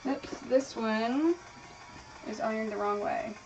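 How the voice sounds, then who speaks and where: A woman's voice: on the high side, takes it slowly, recorded from a distance, muffled recording. A woman streaming from her home craft room, chatting casually in a rambling way with many fillers. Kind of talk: casual chat while quilting. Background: music playing.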